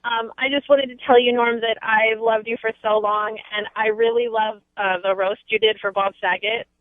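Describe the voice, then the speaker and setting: A woman's voice: on the high side, fairly even intonation, moderate pace, no echo. Gushing woman calling in over the phone. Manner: gushing, enthusiastic fan. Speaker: caller. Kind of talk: call-in to a radio show. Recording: tinny phone line.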